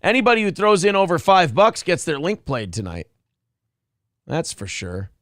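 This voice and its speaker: A man hosting a casual livestream, reading super chats in a profane, rowdy way with sudden loud outbursts, a little drunk. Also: fairly high pitch, huge pitch swings, moderate pace, no room sound, clean studio sound. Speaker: livestream host.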